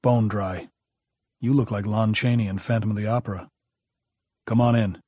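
A man voicing a gruff, friendly middle-aged man, a reformed drinker who talks bluntly and heartily. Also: on the low side, fairly even intonation, normal speed, dark tone, no room sound, studio quality. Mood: hearty.

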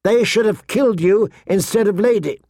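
A man's voice: fairly high pitch, animated, unhurried, darkish tone, dry recording, clean studio sound. A man voicing a proud, vain young noble girl who talks haughtily, in an audiobook reading. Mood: upset. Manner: haughty, whiny.

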